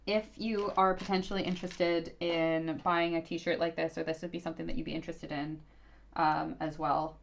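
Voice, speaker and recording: A woman in her thirties hosting a casual livestream Q&A, rambling and chatty with lots of fillers and self-corrections. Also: sits low. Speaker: archaeologist YouTuber hosting a livestream. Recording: dull lo-fi sound.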